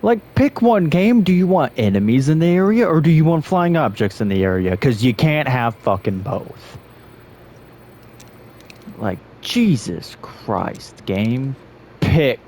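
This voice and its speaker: A man's voice: medium pitch, expressive, measured pace, darkish tone, slight background noise. A man playing a video game and commenting, exasperated and swearing as he rants at the game. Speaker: gaming streamer. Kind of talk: frustrated let's-play commentary.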